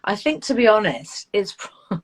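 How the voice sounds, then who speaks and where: A woman talks on a live video call, animated and quick to laugh. She tells stories that poke fun at herself. Her voice sits at a middling pitch. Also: breathy edge. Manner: animated, laughing, self-deprecating storytelling. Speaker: actress guest. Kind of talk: casual live Q&A chat.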